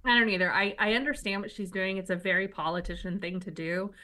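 A woman of middling pitch co-hosting a political talk show. She is blunt and opinionated and talks in long, flowing runs. Her tone stays casual. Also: fairly even intonation, quick pace, sharp tone. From United States. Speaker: co-host.

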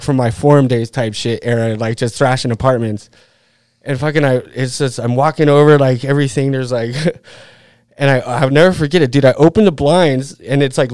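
A man's voice: mid-range voice, a little mellow, no echo, studio quality. A man in his forties from Utah, a podcast guest telling a story in a rambling, profane way, full of "like" and "dude". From Utah, USA. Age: 40s. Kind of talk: casual storytelling.

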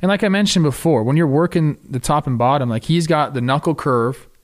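A man hosting a baseball podcast, talking through game clips casually with excited, animated asides. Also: fairly high pitch, fairly quick. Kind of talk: casual video breakdown commentary.

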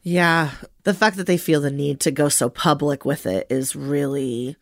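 A woman's voice: sits low, fairly even intonation, moderate pace, no echo. Woman in casual chat, dry close sound. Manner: laughs often, says "like" a lot.

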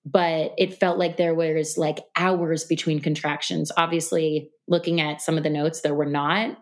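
A woman guest on a podcast, talking in a relaxed, reflective way, with lots of fillers. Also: low-pitched, unhurried. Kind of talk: casual interview conversation. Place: New York City.

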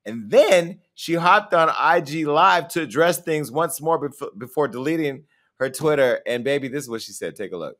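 A man's voice: a little high, animated, moderate pace, fairly bright tone. Conversational male show host. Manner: conversational, opinionated, addressing viewers. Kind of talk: casual entertainment commentary.

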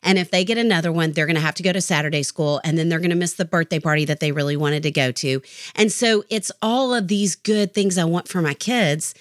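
A woman's voice: lowish voice, a little fast, dry recording, clean studio sound. A middle-aged woman therapist, a podcast guest, talking in an earnest, reflective way and telling stories. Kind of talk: podcast interview conversation.

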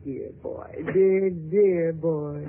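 A woman's voice: medium pitch, very animated, normal speed, a little hiss or hum, lightly acted. An actress playing a sultry, scheming woman who teases and mocks, in a 1950s radio drama. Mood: teasing. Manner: teasing, mocking. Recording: tinny lo-fi old radio broadcast.

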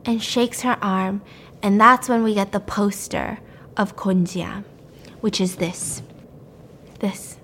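A woman casually recapping a horror movie as a storyteller, animated and profane, often breaking into laughter. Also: medium pitch, slow, long pauses, slight background noise.

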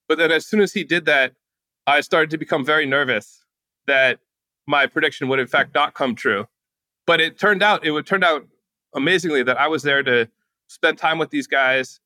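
A man with a bright, forceful voice sits as a guest author, spinning animated stories with lots of casual "like" fillers. He jumps into other people's voices to act out quotes, pitched a bit above the usual male range. The sound is close and dry. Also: no room sound. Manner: lively, acts out quotes with raised voice, casual "like" fillers. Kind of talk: animated anecdotal storytelling.

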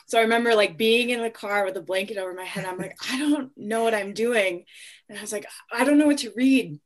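A woman audiobook narrator, a guest on a video call, telling stories in an animated, warm way. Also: medium pitch, a little fast. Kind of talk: casual interview over video call.

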